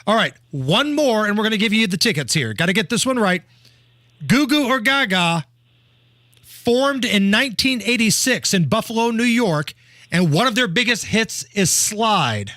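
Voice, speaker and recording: A male talk radio host bantering and running a call-in contest, brisk and playful. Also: sits high, lively intonation, pushed and bright, dry recording, studio quality. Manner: brisk, playful, laughs often. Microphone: studio microphone.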